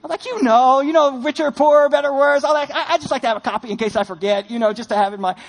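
A young man preaching a sermon, telling a personal story in an animated, self-deprecating way. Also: very high voice, fast talker, gravelly. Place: church sanctuary.

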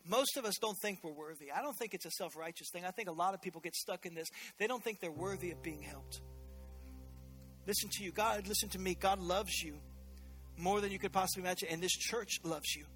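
A man preaching a sermon as pastor in a church, energetic and conversational, with joking asides. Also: high voice, a little fast, soft background music.

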